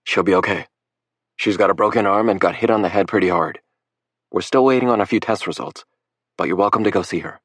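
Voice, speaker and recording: A man voicing a calm, apologetic hospital doctor. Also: sits low, quick pace, husky, no echo, studio quality, heavily acted.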